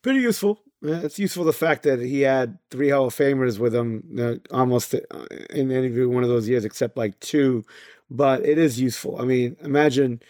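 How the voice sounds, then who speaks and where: A man's voice: mid-range voice, fairly quick, mellow, no echo, clean studio sound. A man co-hosting a basketball podcast, talking in a rambling, loose way full of fillers. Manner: rambling, many fillers and restarts. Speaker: podcast co-host. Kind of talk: casual chat.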